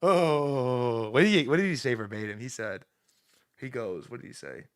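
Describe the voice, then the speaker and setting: A man hosting a casual livestream from outdoors, excitable and profane, rambling with many restarts. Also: mid-range voice, brisk, vocal fry. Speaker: livestream host. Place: outdoors in New York City.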